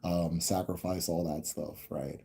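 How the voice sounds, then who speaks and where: A deep-voiced man talks viewers through a long family story on a live stream. His tone is very dark and mellow. He rambles, restarts his sentences and keeps checking in with his listeners. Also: fairly even intonation, measured pace, slightly rough. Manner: rambling, with many restarts and tag questions. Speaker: host answering viewer questions.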